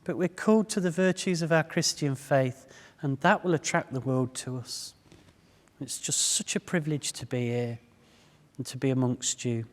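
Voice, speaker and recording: A man giving a public talk to a live audience, telling stories in an animated, self-deprecating way. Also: mid-range voice, normal speed. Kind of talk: humorous storytelling talk. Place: large hall before a live audience. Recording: echoey hall with long reverb.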